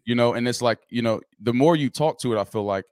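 A man's voice: medium pitch, a little mellow, no room sound, clean studio sound. A man hosting a podcast, asking questions in a casual, slangy way full of fillers. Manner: casual, fast, slangy fillers like "you know what I'm saying". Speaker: podcast host.

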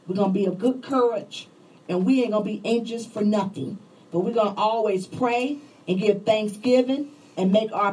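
A woman's voice: medium pitch, mellow, recorded from a distance, poor audio. A woman preacher delivering a fervent, repetitive sermon, exhorting listeners with restarts and rising emphasis. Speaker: lay preacher, host of a ministry show.

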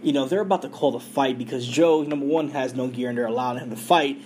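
Male podcast host, mid-pitch, loose chatty recap delivery, faint hiss in the background. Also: fast talker, a little mellow. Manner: loose, filler-heavy retelling with quoted dialogue. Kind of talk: casual episode recap.

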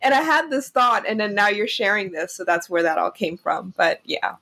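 A woman hosting an interview podcast, telling a story in an animated, excitable way. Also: mid-range voice, normal speed, vocal fry. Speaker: podcast host. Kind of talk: casual conversational interview.

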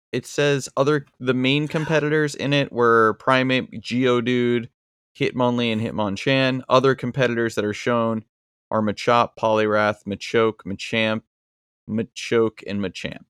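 A man co-hosts a casual podcast and drops dry, wry jokes into the chat. His voice is mid-pitched. The sound is close and dead, with no room in it. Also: fairly even intonation, a little slow, fairly bright tone, clean tone, no echo. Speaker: podcast co-host.

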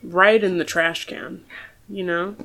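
A young woman co-hosting a podcast, tossing quick, wry jokes into a casual conversation. Her voice sits a touch low. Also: fairly even intonation, a bit bright, low-quality recording. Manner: wry, quick joking interjections. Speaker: podcast co-host. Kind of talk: casual chat.

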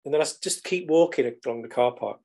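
Animated middle-aged storyteller. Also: male voice, mid-range voice, fast. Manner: animated, casual swearing. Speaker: podcast guest. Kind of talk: storytelling in conversation.

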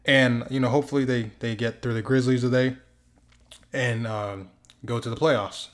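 A man's voice: mid-range voice, fairly even intonation, normal speed. A young man hosting his own sports talk show, ranting passionately and drawing words out for emphasis. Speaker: host. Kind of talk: emphatic sports commentary vlog.

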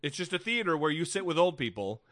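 A man's voice: on the high side, sing-song, fast talker, fairly bright tone, no echo. A man co-hosting a podcast in casual chat, wry and rambling, swearing freely and restarting his sentences. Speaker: podcast co-host.

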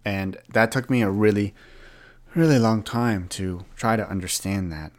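A man's voice: fairly low pitch, measured pace. A man in his twenties talking earnestly in a rambling solo podcast monologue, often restarting his sentences. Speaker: podcast host.

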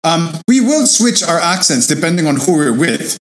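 A man's voice: fairly high pitch, big pitch swings, normal speed. A Filipino man in a casual discussion, talking emphatically and agreeably with frequent "you know.".

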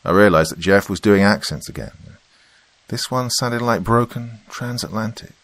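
Deep-voiced man narrating a story. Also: moderate pace, a bit bright, no room sound. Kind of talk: first-person story narration.

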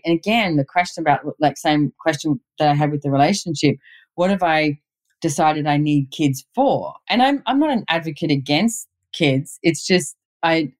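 A middle-aged woman, a relationship expert guest, talking candidly in casual conversation and telling personal stories. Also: low-pitched. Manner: candid, storytelling, laughs easily.

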